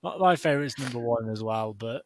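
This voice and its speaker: A man's voice: medium pitch, lively intonation, fast talker. A man co-hosting a casual podcast, joking sarcastically and reading posts aloud. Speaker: podcast co-host.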